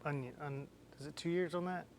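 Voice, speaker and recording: A man co-hosting a casual live-stream chat, relaxed and giving short, easygoing answers. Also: fairly high pitch, moderate pace, a crowd in the background. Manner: laid-back, short answers, laughs easily. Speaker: co-host, product expert.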